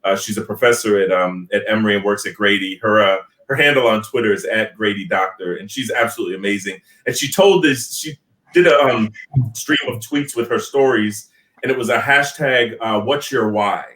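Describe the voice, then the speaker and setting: A man, a physician guest on a live panel, talking in a measured, reflective way and telling stories. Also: on the low side, a bit bright. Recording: roomy, distant mic.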